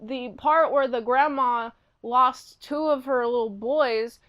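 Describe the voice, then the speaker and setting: A woman with a bright, high-pitched voice recaps an old TV episode in a loose, chatty way. She leans on "like" constantly and acts out little snippets of the characters as she goes. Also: takes it slowly, muffled recording. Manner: animated retelling, acting out characters' lines; chatty, peppered with "like". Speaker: episode reviewer. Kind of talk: casual episode recap and review.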